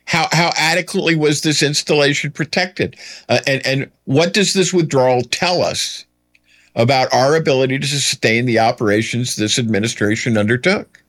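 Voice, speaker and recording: A man's voice: medium pitch, normal speed, fairly bright tone. A man hosting a solo political commentary show, firing off emphatic rhetorical questions with sarcastic asides.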